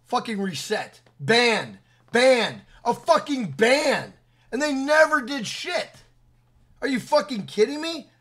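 A man's voice: extremely high pitch, very animated, measured pace, fairly bright tone, slightly rough. A man who makes gaming videos, ranting in a heated, profane, repetitive way straight to his viewers. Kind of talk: angry rant to camera.

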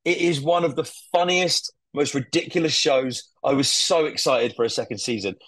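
An excited man rambles happily on a podcast, swearing and restarting his sentences. His voice sits in a middle pitch, and the recording is close and dry with no room sound. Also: normal speed, no echo. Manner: enthusiastic, sweary, with many fillers and restarts. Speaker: podcast guest. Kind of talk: casual podcast chat.

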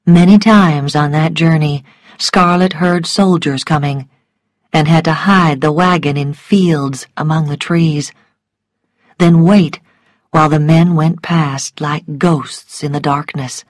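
A woman narrating a story for English learners in a slow, careful, clearly paced reading. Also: sits low, steady tone, no room sound, studio quality.

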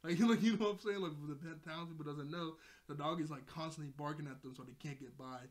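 A man's voice: a little high, fast talker. A young man reviewing an anime episode at home, rambling casually, laughing often and repeating himself. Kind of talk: casual chat. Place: home room, seated in a chair.

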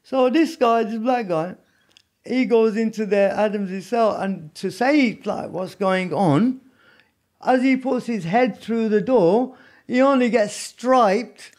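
A man telling prison stories as a podcast guest, animated and often adding "you know what I mean". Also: high-pitched, slow pace. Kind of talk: storytelling in a casual interview.

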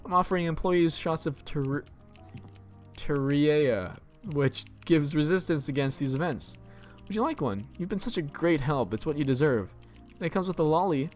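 A man's voice: fairly high pitch, lively intonation, moderate pace, soft background music, close to an everyday voice. A man voicing a spiteful female nurse-pharmacist in a text game, sneering and smugly sweet. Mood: falsely sweet.

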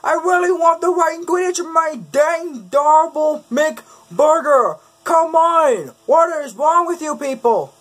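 Guy doing a shrill cartoon mom yelling about fast food mistakes, pitched way up, loud. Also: heavily acted. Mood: indignant. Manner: high-pitched ranting, yelling complaints. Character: loud fed-up mom, middle-aged woman.

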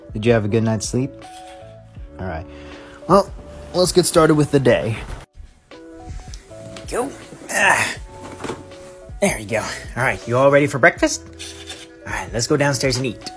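A young man in his late teens, playfully talking to his toy trucks and calling their game like an excitable sports commentator. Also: medium pitch, unhurried, long pauses, soft background music. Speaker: video creator. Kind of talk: comic skit with mock sports commentary.

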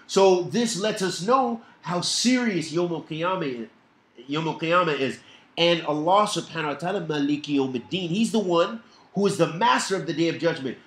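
A man teaching a Quran commentary lesson, explaining verses with quick recited quotations and repeated emphasis. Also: high voice, echoey room. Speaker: Islamic teacher.

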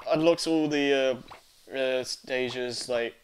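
A man's voice: mid-range voice, steady tone, takes it slowly, a little hiss or hum. Rambling young man on game commentary. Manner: rambling, many fillers and restarts. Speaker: let's play host. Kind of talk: casual gameplay commentary. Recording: faint game music behind.

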